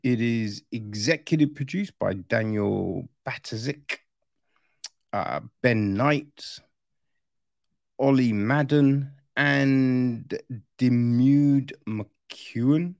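A man's voice: mid-range voice, extremely slow, creaky, darkish tone, dry recording, studio quality. A man chatting casually through a film review, rambling and often tossing in "right?" as an aside.

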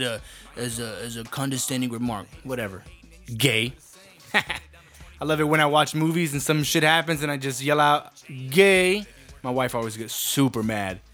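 A man tears through a profane comedic rant, brash and blunt. His voice sits a little high for a man, and soft music plays faintly behind him.

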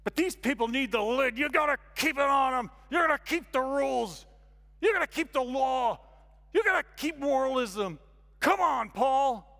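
A man's voice: a little high, animated, a little fast, few pauses. A man voicing scolding, rule-bound critics. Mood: scolding shout. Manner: scolding, insistent. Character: scornful legalistic religious critics. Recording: long reverb of a hall.

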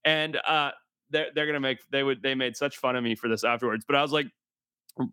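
A man, a guest adventurer, telling a story in an animated way and acting out the people in it. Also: medium pitch, brisk, smooth, no echo, clean studio sound. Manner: animated, acts out the people in his stories. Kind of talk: casual storytelling.

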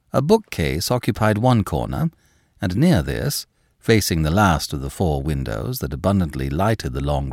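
A man narrates a classic novel in a measured, expressive style. His voice is low and deep, with wide, lively swings in pitch, recorded dry and close with no room echo.

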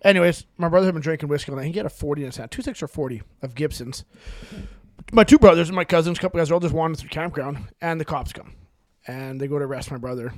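A man co-hosting a casual podcast, his voice sitting high for a man and his words tumbling out fast. He laughs often and swears freely as he spins rowdy tales. The sound is dry and close, with no room around it. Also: a little mellow, no echo. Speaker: podcast co-host. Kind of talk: casual chat, storytelling.

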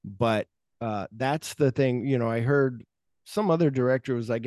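A man's voice: mid-range voice, steady tone, moderate pace, darkish tone, no echo, studio quality. A man hosting a podcast, chatting casually about movies in a loose, rambling way with lots of filler words. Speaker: podcast host. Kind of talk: casual film chat.

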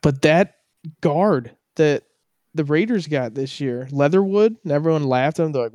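A man's voice: a little high, expressive, moderate pace, a little mellow, dry recording, studio quality. A man co-hosting a casual sports chat, ranting animatedly and swearing freely. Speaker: podcast co-host.

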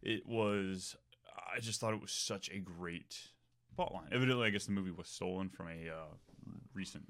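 A man's voice: low voice, normal speed. A man co-hosting a casual movie podcast, enthusiastic and opinionated about the film. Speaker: podcast co-host.

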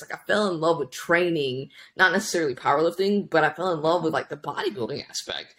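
Woman, 30s, podcast guest, casual storytelling, rambling, animated. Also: sits low, fast, few pauses. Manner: rambling, animated, many restarts. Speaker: podcast guest, powerlifting coach.

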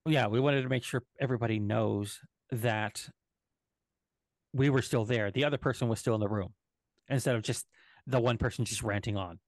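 A man co-hosting a podcast live, talking casually with many halting restarts and fillers. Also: medium pitch, dry recording, clean studio sound. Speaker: podcast co-host and editor. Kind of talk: casual live-stream chat.

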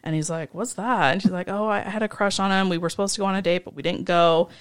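A woman's voice: fairly low pitch, fast, clean tone, no room sound, clean studio sound. A woman co-hosting a podcast, casually retelling a movie scene and acting out the characters' lines. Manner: animated retelling with quoted dialogue. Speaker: podcast co-host. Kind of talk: casual chat recapping a movie.

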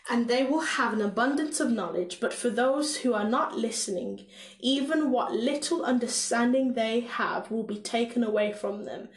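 A woman with a Caribbean accent teaches in a loose, unhurried way, reading a scripture passage and breaking off for little asides and fillers. Her voice sits a bit high, and the room around her is noticeably echoey. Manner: relaxed, with frequent fillers and self-asides. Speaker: podcast preacher.

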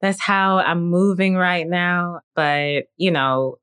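Here the same kind of host, a woman in her late twenties running a faith-based podcast alone, talks slowly in a fairly low voice whose tone is fairly bright, clear and resonant. She sounds earnest, encouraging and reflective, sprinkling in "like" and "you know."

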